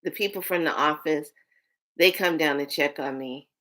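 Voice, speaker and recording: Low-voiced woman telling a personal story. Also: normal speed, a bit bright. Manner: candid, emotional, swears freely. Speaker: vlogger.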